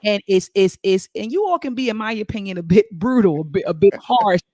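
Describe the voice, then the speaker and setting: A woman hosting a talk show, telling stories in an animated way and repeating words for emphasis. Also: medium pitch, fairly quick, no room sound, clean studio sound. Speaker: host. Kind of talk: casual talk-show discussion.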